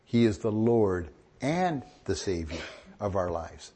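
A man's voice: lowish voice, big pitch swings, slow pace, mellow, slight background noise. A middle-aged male pastor preaching a sermon, joking with the congregation and rising into emphatic bursts.

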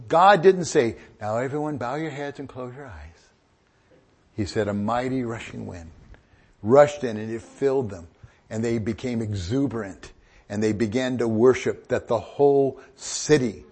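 A middle-aged pastor delivers an animated, joking sermon in a husky, slightly breathy, mid-range voice. He swings from quiet asides into loud, rising emphatic bursts, and the room laughs along with him.

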